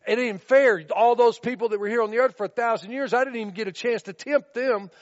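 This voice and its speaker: A man's voice: very high voice, quick pace, voice pushed up. A man voicing Satan as a male devil protesting that things aren't fair, in a whiny, aggrieved tone, on a dull recording with long reverb.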